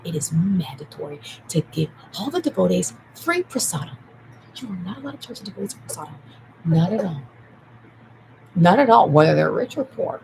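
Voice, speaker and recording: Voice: medium pitch, vocal fry. Rambling monologue while typing, whispers and outbursts, emphatic repeats, noisy recording. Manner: swings between whispering and loud outbursts; repetitive, emphatic.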